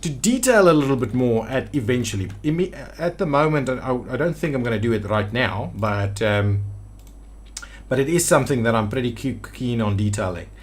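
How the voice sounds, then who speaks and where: A man's voice: medium pitch, expressive, moderate pace. Man musing aloud over a city-builder. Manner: thinking aloud, hesitant restarts while building. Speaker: city-builder video creator. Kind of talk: gameplay commentary.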